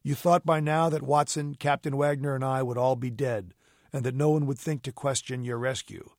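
A man's voice: medium pitch, steady tone, darkish tone, dry recording, clean studio sound, natural voice. Sherlock Holmes, read by a man coolly commanding. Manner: measured, crisp and coolly ironic. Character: calm, cutting gentleman detective, cool and commanding. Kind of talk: audiobook character reading.

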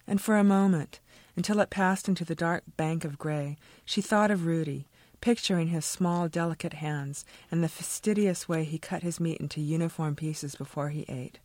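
A woman, the author, reading a passage from her own novel in a measured, expressive way. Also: lowish voice, dry recording.

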